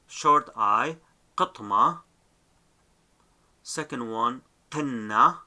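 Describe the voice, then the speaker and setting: A man's voice: medium pitch, very slow, pauses often, sharp tone. A man with an Assyrian accent teaching pronunciation. He says each sound and word, then says it again. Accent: Assyrian, Dashtan Ninwe dialect. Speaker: language teacher. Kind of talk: slow spoken lesson with repeated pronunciation drills.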